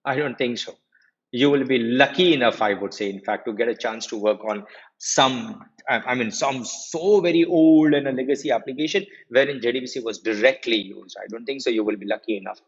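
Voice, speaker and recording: A man in his forties teaches a live technical class, pausing to repeat key points and quiz his students. His voice is a bit husky and sits at an ordinary middle pitch. The recording is muffled and lo-fi. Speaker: software trainer. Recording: muffled lo-fi audio.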